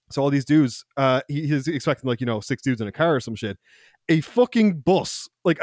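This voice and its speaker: A man's voice: medium pitch, dry recording, studio quality. A young Irish man, a podcast co-host, telling a loose, profane anecdote in casual chat, laughing and acting out quotes. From Ireland.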